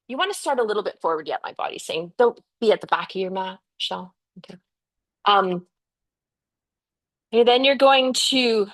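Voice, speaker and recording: A middle-aged woman teaching a live yoga class, chatty and encouraging, often saying "yeah" and "okay" as she guides students. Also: on the high side.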